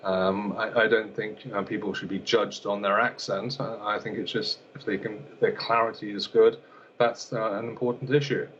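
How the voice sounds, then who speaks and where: A man's voice: on the low side, little pitch movement, normal speed, a bit bright, muffled recording, a little hiss or hum. A man, an elocution teacher, answering interview questions hesitantly, with many fillers and repeated words.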